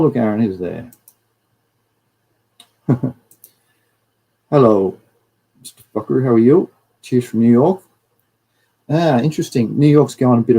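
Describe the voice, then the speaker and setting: Australian male streamer, mellow tone, animated off-the-cuff ranting commentary. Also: mid-range voice, poor audio. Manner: animated, ranting, reads news and chat aloud. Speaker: live-stream host. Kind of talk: casual live-stream commentary.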